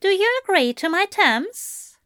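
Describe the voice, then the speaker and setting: A woman voicing a prim male angel who sets terms calmly and gives orders. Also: very high-pitched, unhurried, dry recording, clean studio sound, pitched above the performer's own voice, exaggerated voice. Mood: commanding. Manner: poised, giving orders.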